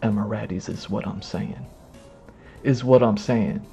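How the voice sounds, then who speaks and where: A man streaming live, giving loose slangy reaction commentary, excitable and often breaking into laughter. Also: fairly low pitch, unhurried, gravelly. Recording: muffled, with music behind.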